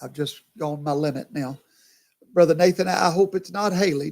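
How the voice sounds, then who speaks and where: A man's voice: on the high side, moderate pace, creaky. A man, a pastor chatting casually on a livestream, tired and yawning, talking to viewers by name. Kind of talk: casual live commentary.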